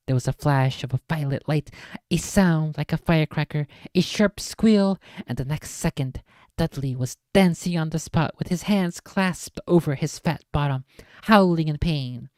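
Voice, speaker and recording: A low-voiced woman streamer reads a book aloud and breaks off for playful, self-mocking asides. She is close on a desk mic in a dry room with no echo. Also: normal speed, dark tone. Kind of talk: casual reading stream.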